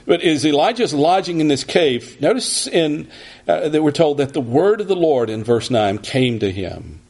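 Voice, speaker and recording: A man giving an expository sermon, teaching in a measured way and often restarting his phrases. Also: on the high side, big pitch swings, a little mellow.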